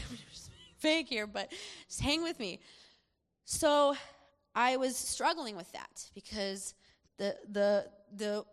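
A young woman gives a personal testimony from the front of a large hall, her fairly high voice carried on a long reverb. She talks in a chatty, animated way and laughs often between her thoughts. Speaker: speaker sharing a testimony.

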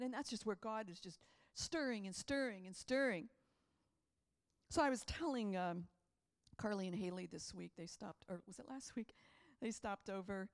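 A middle-aged woman preaching a charismatic sermon with passion, repeating phrases and rising to near shouts. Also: mid-range voice, creaky.

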